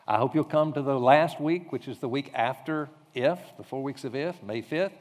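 A man's voice: medium pitch, darkish tone. Man as a church teacher, casual and rambling, recorded in an echoey hall. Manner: conversational storyteller, halting with fillers and restarts. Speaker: pastor leading an evangelism training class. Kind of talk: teaching talk with a personal anecdote. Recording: long hall reverb.

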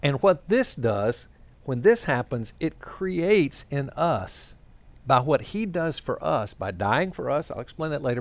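A male preacher giving a conversational sermon, pausing often with fillers while he sketches a diagram to explain his points. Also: mid-range voice, dry recording. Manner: conversational, drawn-out pauses and fillers. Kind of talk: sermon with storytelling.

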